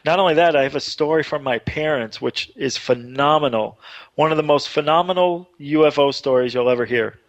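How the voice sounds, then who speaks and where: A man recounts a story for a radio show, his fairly high voice climbing as he gets excited. The sound is dry and close. It comes through a bit dull and lo-fi, as on an online stream. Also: a little fast, no room sound. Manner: animated, excited retelling with rising voice. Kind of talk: casual storytelling on a talk show.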